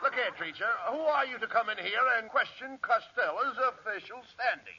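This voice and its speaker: A man's voice: extremely high pitch, animated, brisk. A man playing the exasperated, scolding straight man of a 1940s radio comedy duo. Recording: dull old radio broadcast with loud hiss.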